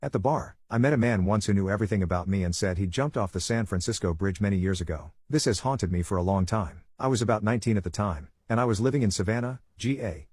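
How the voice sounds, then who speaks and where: Fast, husky male story narrator. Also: lowish voice, no echo. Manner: steady first-person reading. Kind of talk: scripted narration of an online story.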